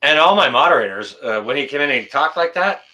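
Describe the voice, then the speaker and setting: A man talks loosely with his viewers on a live stream. He is blunt and jokey, and he swears without a second thought. His pitch swings around a lot, and his voice is bright and forceful. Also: animated, fast. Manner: blunt, swears freely, chatty and joking. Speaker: channel host answering live chat. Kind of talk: casual live-stream chat.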